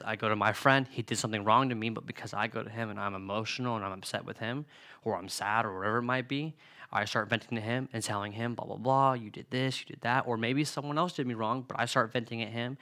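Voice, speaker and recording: A young man gives an earnest, conversational sermon-style lesson. His voice is on the low side but bright and forceful, and he acts out snippets of everyday arguments as he goes. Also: fairly even intonation, fast talker. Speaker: youth preacher. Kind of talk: sermon-style teaching on a book.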